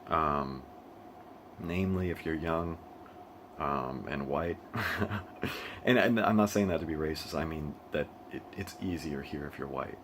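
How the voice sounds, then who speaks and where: A man's voice: sits low, slight background noise. A young American man talking casually to camera in a rambling monologue, restarting his sentences often and laughing between thoughts. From United States. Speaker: vlogger. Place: living in Asia.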